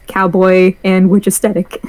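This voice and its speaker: A woman's voice: medium pitch, little pitch movement, slow, darkish tone, rough recording. A woman playing a tabletop game, joking and laughing between lines. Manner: jokey and laughing. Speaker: player. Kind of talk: casual tabletop play.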